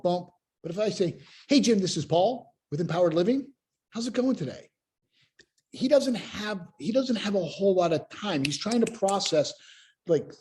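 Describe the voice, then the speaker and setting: Animated male sales coach, fairly high. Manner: emphatic, animated teaching. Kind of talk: live coaching Q&A.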